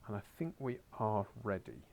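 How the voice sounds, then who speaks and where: A man's voice: lowish voice, big pitch swings, normal speed, a little mellow. A man teaching a beginners' Spanish class, coaxing his pupils along with wry asides and muttered whispers, heard in a school classroom.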